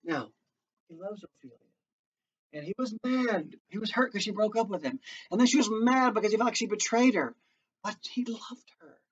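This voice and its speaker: A man lectures to a class and bursts into the play's lines as he goes. He is picked up from across a classroom, so he sounds distant. The recording is dull and muffled. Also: breathy edge. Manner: lively, acts out lines with big pitch jumps. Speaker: teacher. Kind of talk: classroom lecture with dramatic readings.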